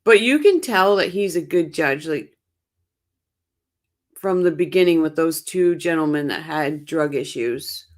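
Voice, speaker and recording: This woman's voice sits low with lively intonation, and she takes her time speaking. She hosts a casual true crime live stream while short on sleep, talking back to chat comments in a chatty, opinionated, rambling manner with restarts.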